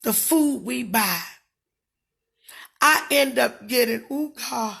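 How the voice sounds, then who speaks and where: A woman speaking casually to livestream viewers, emphatic and given to shouting when aggrieved. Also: a little high, lively intonation, takes it slowly, gravelly, pauses often, breathy edge.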